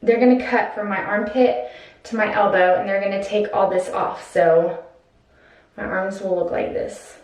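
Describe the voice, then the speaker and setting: A woman's voice: medium pitch, fairly even intonation, moderate pace. A young woman from Oregon talking to her camera in a casual personal vlog, nervous, giggly and self-conscious. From Oregon, USA. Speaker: vlogger. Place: at home and in a car.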